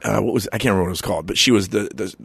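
A man's voice: lowish voice, very fast, vocal fry, husky, dry recording. A man hosting a casual podcast chat, telling stories and laughing often. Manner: animated storyteller, laughs often. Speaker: podcast host.

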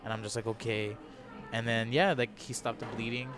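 A man's voice: medium pitch, steady tone, quick pace, over music. A man talking as a podcast guest in casual chat, laid-back, swearing a lot and laughing at himself.

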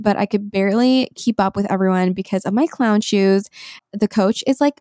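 A woman's voice: mid-range voice, darkish tone, dry recording, studio quality. A young woman hosting a podcast, telling a story in a chatty, casual way with lots of fillers. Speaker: podcast host.

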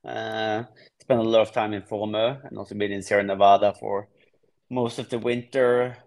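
Relaxed man from Norway, low voice. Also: normal speed. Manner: relaxed, explains plainly with frequent restarts. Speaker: guest triathlete. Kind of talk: casual podcast interview.

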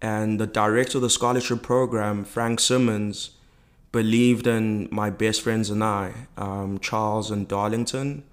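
Young male podcast guest from South Africa, low and even delivery, reflective and halting. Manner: reflective, halting, with many fillers. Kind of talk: personal storytelling in a podcast interview.

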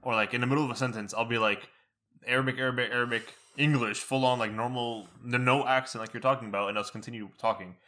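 Young guy talking fast w his buddy, bright voice, lots of likes and ums. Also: medium pitch, fairly even intonation. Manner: quick, loose, lots of filler words. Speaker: friend in conversation. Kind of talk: casual chat.

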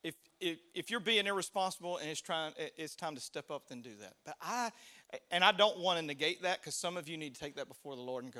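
A middle-aged man preaching a sermon, an animated storyteller who laughs and shouts out the lines he quotes. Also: on the high side, fast talker. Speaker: pastor.

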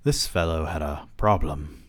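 A man's voice: extremely low pitch, a little slow, dry recording. A man voicing an aloof older male writer with a British accent, speaking in clipped, dry pronouncements.

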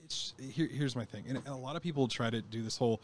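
A man's voice: medium pitch, fast. A man co-hosting a podcast, reacting bluntly and swearing when he gets heated. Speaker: podcast co-host. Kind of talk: casual chat.

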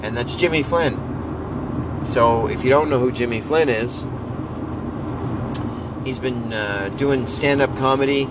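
A man rambles through a casual podcast monologue, wry and full of halting restarts. He speaks slowly at a middling pitch. Outdoor traffic noise sits clearly behind his voice. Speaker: podcast host.

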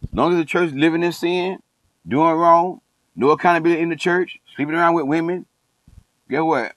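A man's voice: a little high, a little fast, fairly bright tone, no room sound, rough recording. A middle-aged man, a coach, giving a passionate, preachy monologue and hammering points home by repeating them. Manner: emphatic, repeats phrases, calls himself passionate. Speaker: coach and online commentator.

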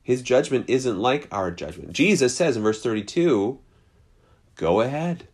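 A man's voice: medium pitch, sing-song, normal speed, slightly rough. Emphatic male pastor preaching. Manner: emphatic, swings from loud to hushed; repeats phrases, some stumbles. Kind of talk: sermon.

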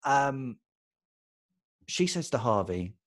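A British man co-hosting a podcast, chatting casually and telling an animated story with frequent laughter. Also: mid-range voice, slow. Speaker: podcast co-host. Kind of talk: casual chat.

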